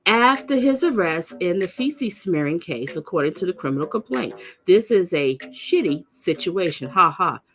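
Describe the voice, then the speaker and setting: A middle-aged New woman with a fairly low voice reads crime news aloud in a casual way. She stumbles and corrects herself, and she stops now and then for blunt, scornful remarks that jump up high. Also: animated, moderate pace. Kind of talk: casual reading of news with commentary.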